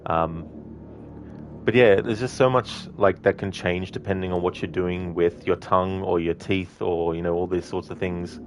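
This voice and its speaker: A man's voice: sits low, fairly even intonation, moderate pace, slight background noise. A man giving casual, rambling commentary over a game playthrough, laughing often. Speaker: game streamer.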